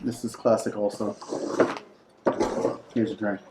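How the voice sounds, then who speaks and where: A man's voice: lowish voice, flat delivery, unhurried. A man hosting a casual food review vlog, talking in a playful, teasing way at home. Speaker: food vlogger host. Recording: echoey room with faint noise.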